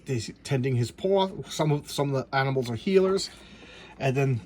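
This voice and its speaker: A man casually reviewing a comic book, rambling with excited asides and restarts as he pages through it. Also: medium pitch, moderate pace, a little hiss or hum. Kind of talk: casual comic review, reading panels aloud.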